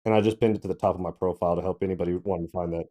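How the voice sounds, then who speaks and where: A man's voice: low voice, fairly even intonation, rapid-fire, dark tone. A man co-hosting a casual podcast chat, telling a laid-back story with chuckles. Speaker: co-host.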